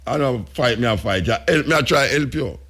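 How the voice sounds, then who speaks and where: A Jamaican radio talk show host arguing with a caller and scolding him. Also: male voice, medium pitch, expressive, fairly quick, a bit bright. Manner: exasperated, scolding, interrupting. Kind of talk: call-in radio chat.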